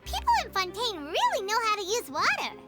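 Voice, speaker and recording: A woman voicing a tiny floating fairy companion in a game, chirpy, excitable and squeaky. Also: brisk, over loud music, full character voice. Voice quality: squeaky, high and bouncy. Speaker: game character. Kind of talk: game voice acting.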